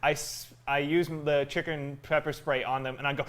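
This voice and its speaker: A man's voice: a little high, level tone, normal speed, a bit bright. A man playing a tabletop role-playing game, goofy and laughing, with dry one-liners. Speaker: player. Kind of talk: tabletop role-play banter.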